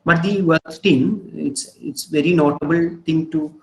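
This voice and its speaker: Man, Indian English accent, webinar lecture, halting with fillers, echoey room. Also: fairly high pitch, steady tone, gravelly, music in the background. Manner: frequent "hmm?" check-ins, halting with many fillers. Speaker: webinar presenter on investing. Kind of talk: online lecture with slides. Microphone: video call.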